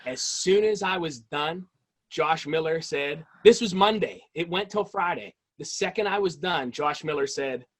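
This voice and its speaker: A man tells lively stories as a guest on an interview show. His voice sits a bit high for a man. He talks with animated enthusiasm, casual and eager. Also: a little slow. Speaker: guest, toy-hunting video creator.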